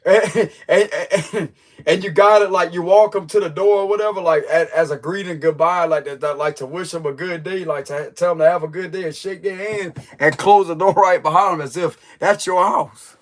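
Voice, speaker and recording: A man with a fairly high voice talks through a tarot reading like a casual chat. He jokes and riffs in loose, slangy speech. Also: normal speed. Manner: playful, joking, slangy and loose. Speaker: tarot reader.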